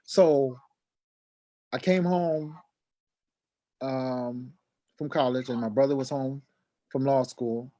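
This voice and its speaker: Middle-aged male guest, mid-pitched, story-driven delivery, acts out voices, spikes high when agitated. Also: fairly even intonation, takes it slowly, long pauses, warm tone. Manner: acts out quoted dialogue, voice rising sharply when agitated. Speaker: guest telling a personal story. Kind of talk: animated storytelling.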